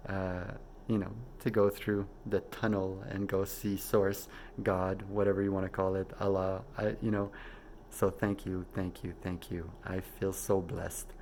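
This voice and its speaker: Guy with a lowish voice rambling through a story for his vlog, gets hushed then loud and excited, faint room hum behind. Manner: excitable, swings from hushed to exclaiming. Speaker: vlog host. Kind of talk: casual personal storytelling.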